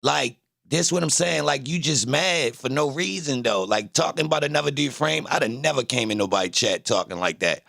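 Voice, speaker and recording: A young man with a Baltimore accent and a very gravelly, fry-heavy voice talks to his stream chat. He trash-talks and brags. The sound is close and dry, with no room around it. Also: medium pitch, animated, brisk, hardly any pauses, pushed and bright, no echo. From Baltimore, Maryland. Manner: boastful, trash-talking with the chat. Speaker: livestream host. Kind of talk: casual livestream chat.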